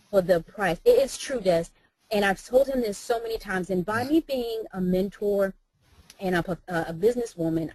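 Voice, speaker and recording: A woman's voice: medium pitch, darkish tone, no room sound, rough recording. An American woman, a mentor and businesswoman, speaking earnestly and encouragingly on a group call. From United States. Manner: earnest, encouraging, faith-filled.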